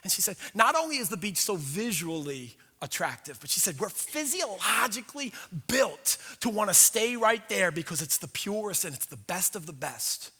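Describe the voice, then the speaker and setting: A man preaching a sermon as pastor, conversational and animated, acting out inner voices. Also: high-pitched, moderate pace, hardly any pauses, husky. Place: church sanctuary. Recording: long hall reverb.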